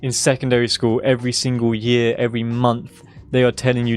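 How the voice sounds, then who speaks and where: A young man streaming a game, talking in an emphatic, repetitive way with swearing, his voice going hoarse. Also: mid-range voice, completely flat delivery, fairly quick. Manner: emphatic, swearing, repeating himself for stress. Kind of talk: casual live-stream rant.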